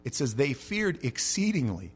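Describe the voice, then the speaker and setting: A man preaching an expository sermon, telling the story with animated energy and shouting out the quoted lines. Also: medium pitch, moderate pace, breathy edge. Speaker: pastor.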